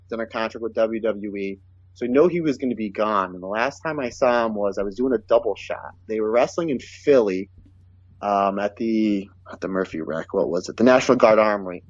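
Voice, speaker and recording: A man's voice: lowish voice, dry recording. Man telling stories, muffled audio. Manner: animated, quotes others in his stories. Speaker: guest, pro wrestler. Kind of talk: casual storytelling.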